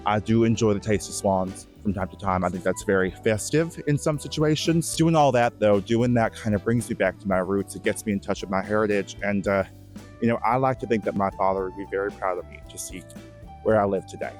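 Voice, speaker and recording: A man playing a vain, shy, emotional Bigfoot who gives a rambling, earnest tour of his forest home, with halting restarts, in a mock-documentary comedy. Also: fairly low pitch, soft background music, close to an everyday voice. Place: outdoors in woods.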